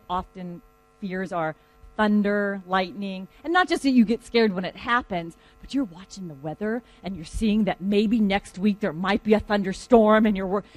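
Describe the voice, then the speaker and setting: A lecturer giving a conversational classroom talk and telling lively stories to students. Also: medium pitch, low-quality recording.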